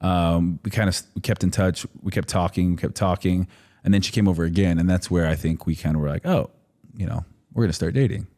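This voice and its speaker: A man in his thirties with a slightly low voice, chatting loosely as a podcast guest. He rambles through stories, laughing often and padding sentences with "like" and "you know". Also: steady tone, quick pace, dark tone. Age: 30s. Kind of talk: casual chat.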